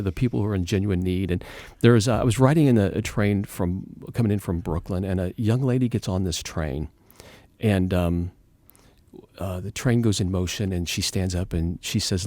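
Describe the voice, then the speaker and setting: A man's voice: lowish voice, moderate pace, a little mellow, no room sound. A man who leads a Christian charity, talking earnestly in an interview and telling a personal story. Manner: earnest, storytelling, many restarts. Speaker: executive director of a Christian charity. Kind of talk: conversational interview.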